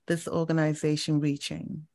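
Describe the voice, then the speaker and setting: A woman hosting a faith interview, affirming her guest and reflecting on what was said with slow emphasis. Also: low voice, flat delivery, darkish tone, no echo, studio quality. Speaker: interview host. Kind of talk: faith talk show interview.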